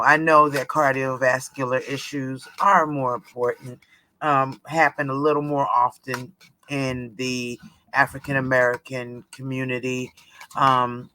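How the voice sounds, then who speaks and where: A man vlogger telling his personal story in a chatty, unhurried way, with plenty of fillers along the way. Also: mid-range voice, pushed and bright.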